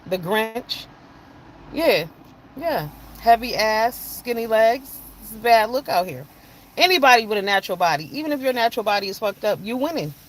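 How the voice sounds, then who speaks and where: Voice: mid-range voice, a bit bright, a little hiss or hum. A podcast host in a casual rant, blunt and profane, scolding with an indignant edge. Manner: blunt and profane, with heavy cursing. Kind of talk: casual rant on a talk show.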